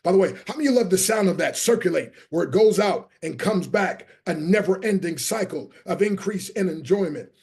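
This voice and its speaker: A man gives a motivational business talk in a high, raised voice, delivered like a sermon. His tone has a gravelly edge of fry. He drives his points home and rallies his listeners to answer him. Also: expressive, a little fast, few pauses, a little mellow. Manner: preacher-like, emphatic, rallies listeners; spells out key words letter by letter. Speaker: guest motivational speaker. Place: online training session.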